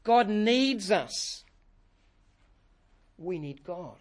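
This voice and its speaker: A man's voice: high voice, animated, drawn-out words. A man preaching a sermon in a church, earnest and repeating key phrases for emphasis. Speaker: pastor.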